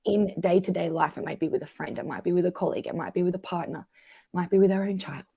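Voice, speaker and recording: A woman's voice: lowish voice, fast talker, vocal fry, slightly rough, no echo, studio quality. A woman therapist in a conversational podcast, explaining patterns and acting out what people say. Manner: acts out quoted voices, animated.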